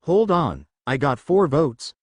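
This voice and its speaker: A man's voice: medium pitch, big pitch swings, moderate pace, darkish tone, no echo. A man voicing a polite, unsure teenage girl in a raised voice. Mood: surprised unsure.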